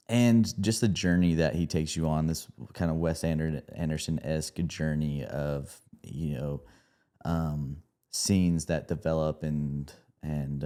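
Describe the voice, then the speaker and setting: Very deep, mellow-voiced man chatting casually. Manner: laughs often, rambling with many fillers. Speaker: podcast co-host, movie reviewer. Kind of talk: casual review chat.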